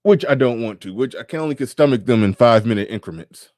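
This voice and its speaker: A man's voice: mid-range voice, expressive, quick pace, darkish tone, no room sound. Man, show host, casual commentary, rambling, stammering restarts, dry close sound.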